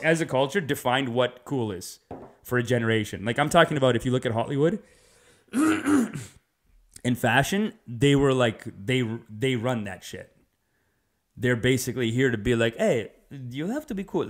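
A male stand-up comedian delivering a rambling comic monologue in a casual, animated way, digressing often and swearing freely. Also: mid-range voice, normal speed.

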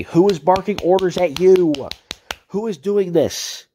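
A man's voice: high voice, fairly even intonation, unhurried, warm tone, a little hiss or hum. A man ranting in a commentary video, exasperated and sarcastic and swearing freely as he picks apart a chat exchange.

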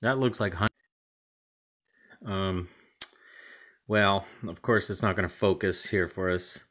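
A man's voice: low voice, fairly even intonation, measured pace, fairly bright tone, reverberant. A man doing a casual food review vlog at home, rambling and hesitant, with lots of fillers, talking while he eats. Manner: talks while eating. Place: home kitchen.

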